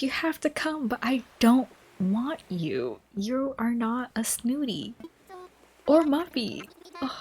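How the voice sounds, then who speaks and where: A woman giving relaxed late-night gameplay commentary, rambling, chatting to the game's characters, and often apologizing with self-deprecating asides. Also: on the high side, a little hiss or hum. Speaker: gaming vlogger. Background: soft background music.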